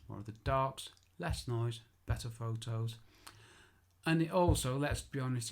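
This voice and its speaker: A man's voice: medium pitch, darkish tone. Chatty self-correcting man. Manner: chatty and self-deprecating, corrects himself aloud. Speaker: architectural photographer. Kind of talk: informal spoken tutorial.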